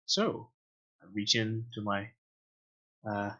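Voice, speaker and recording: A man plays a tabletop game, joking and swearing casually as he talks. His voice is low and bright, coming through a dull, lo-fi mic. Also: steady tone, slow pace. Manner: jokey, laughing, swears casually. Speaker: player.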